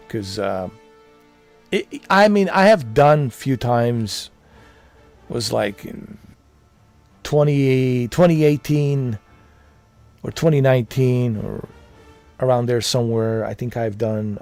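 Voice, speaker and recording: A man's voice: mid-range voice, slow, long pauses, a little mellow, soft background music. Laid-back man chatting on stream. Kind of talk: casual chat.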